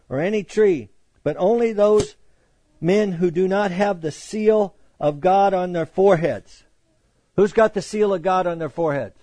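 A man's voice: high-pitched, a little mellow, no echo. A man teaching verse by verse through the Bible, reading scripture aloud and then explaining it in a conversational way with joking asides.

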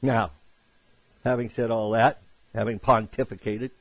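A man delivers a sermon with a slightly husky, breathy edge to his voice. His delivery surges into loud, emphatic peaks and then sinks into quiet, low passages. The recording is dry and close, with no room sound. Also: fairly even intonation, measured pace, no room sound, low-quality recording. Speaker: preacher.

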